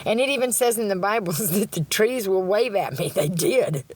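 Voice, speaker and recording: A woman's voice: mid-range voice, expressive, normal speed, darkish tone. A middle-aged woman rambling on a livestream, blunt and profane, laughing often and talking about God.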